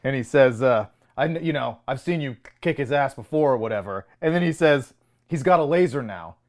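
A man's voice: medium pitch, fairly quick. A man co-hosting a film podcast, mocking movie dialogue with frequent laughter. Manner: mocking, laughs often, quotes lines in a flat dramatic voice. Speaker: podcast co-host. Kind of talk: casual film-review banter.

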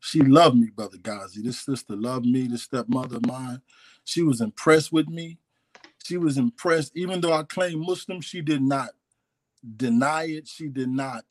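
A man appears as a guest and tells his own life story in a candid, confessional way, hesitating and often repeating lines or starting over. His voice sits in the mid range and moves at a moderate pace, with no echo.

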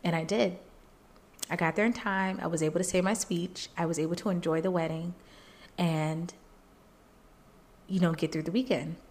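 A woman podcast host telling a personal story in an earnest, faith-filled way, animated and emotional, jumping up in pitch when she quotes people. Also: moderate pace, long pauses. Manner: emotional, animated retelling, jumps high when quoting people.

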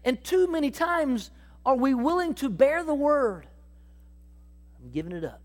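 A woman preaching a sermon, acting out Bible dialogue and calling out to the congregation in an animated way. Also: high-pitched, a little slow. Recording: long hall reverb.

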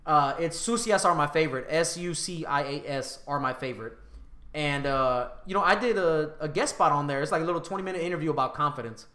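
A man's voice: a little high, brisk, sharp tone, reverberant. A man with a Southern US accent, hosting a podcast, talking casually in a bold, emphatic, profane way. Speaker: podcast host. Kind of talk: casual chat.

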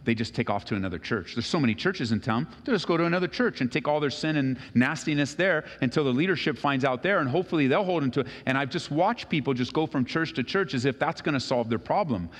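Animated preacher in a reverberant hall. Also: male voice, mid-range voice, fast, few pauses. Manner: animated, acts out voices of Bible figures. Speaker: pastor. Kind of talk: sermon. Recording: long reverb of a large hall.

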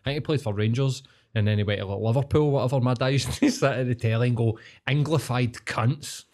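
A man's voice: medium pitch, very fast, darkish tone. A middle-aged man from Glasgow with a Glaswegian Scottish accent, telling sweary anecdotes in a casual podcast chat. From Glasgow, Scotland. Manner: sweary, anecdotal, laughing storyteller.

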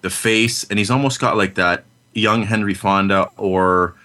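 A man's voice: lowish voice, steady tone, a little slow, sharp tone. A middle-aged man co-hosting a film podcast, talking casually with many fillers and restarts. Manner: rambling, lots of fillers and restarts. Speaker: podcast co-host.

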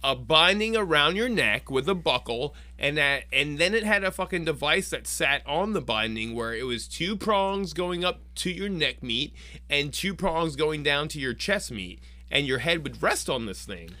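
A man's voice: on the high side, lively intonation, moderate pace, bright, forceful tone, dry recording. A man co-hosting a podcast in casual banter, laid-back and agreeable, cursing now and then. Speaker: podcast co-host.

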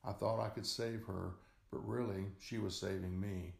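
A man reading a short story aloud as narrator, in a slow, measured way. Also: on the low side, level tone, gravelly, a little mellow. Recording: echoey room.

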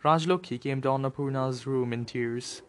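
A man reading a novel aloud in a measured storytelling voice. He keeps a steady audiobook delivery and now and then adds a brief explanatory aside. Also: medium pitch. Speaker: narrator.

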